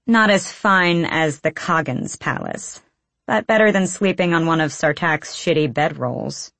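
A woman reading the lines of a blunt, teasing, sharp-eyed clan girl in an audiobook. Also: deep voice, unhurried, creaky, no room sound, heavily acted.

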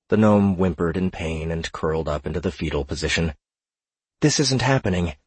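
A man narrating an audiobook in a steady, measured reading. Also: low voice, breathy edge, no room sound.

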